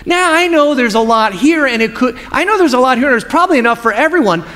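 A greedy rich man, acted out by a preacher, frets and stammers through his plans to hoard. The voice sits high and swoops about. A long hall echo trails behind it. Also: expressive, fast, pushed and bright, exaggerated voice. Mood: fretful. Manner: rambling, stammering self-talk. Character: greedy rich man planning bigger barns, anxious and hoarding.

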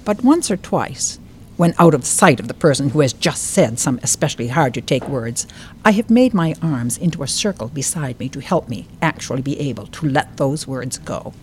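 Older lady reading her book out loud in a bookstore, low warm voice, a little background hiss. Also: moderate pace. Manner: expressive reading with lively quoted voices. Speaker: author. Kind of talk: reading from her book, then interview chat.

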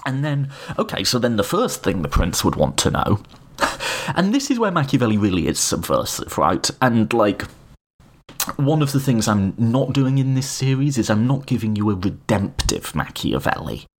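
A man's voice: medium pitch, moderate pace. A man giving a casual spoken lecture on political philosophy, with frequent restarts and joking asides to his listeners. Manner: animated, self-correcting, informal asides.

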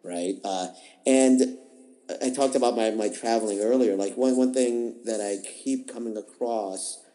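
A warm, mid-range male voice speaks unhurriedly on a rough recording. He's an improv teacher guesting on a podcast, answering interview questions thoughtfully and explanatorily, with frequent restarts and repeated words.

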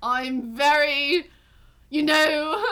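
Woman doing cocky young guy pop singer, raspy, very slow, giggly, high. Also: steady tone, sharp tone, heavily acted. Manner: laughing, drawn out, breaking up.

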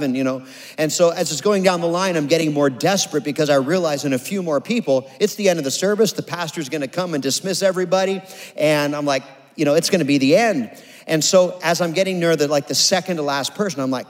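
A man's voice: fairly high pitch, a little fast. A man telling a testimony in a sermon, earnest and dramatic, acting out the people he quotes. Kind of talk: sermon storytelling. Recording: long reverb of a large hall with music under it.

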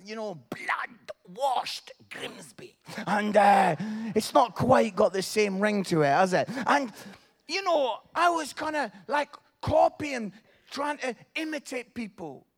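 A man preaching a sermon, telling jokey, animated stories. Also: very high-pitched.

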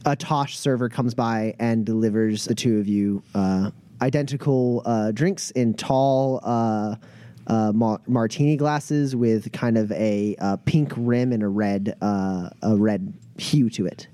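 A male game master narrates a tabletop game, halting and full of filler sounds. His tone is dark and mellow. The recording is close and dry. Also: lowish voice, dry recording.

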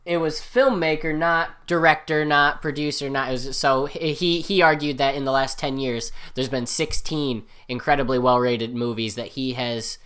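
A man co-hosting a podcast in casual chat, excitable and chatty, often trailing off and restarting. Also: medium pitch, normal speed, hardly any pauses, clean tone. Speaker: podcast co-host.

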